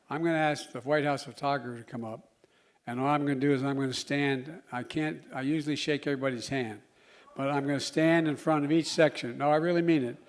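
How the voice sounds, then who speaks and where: An older man, a politician, addresses a crowd in a public speech. His voice sits a bit high for a man. He stumbles and mumbles through phrases and restarts them, and now and then he drives a line home with sudden loud emphasis.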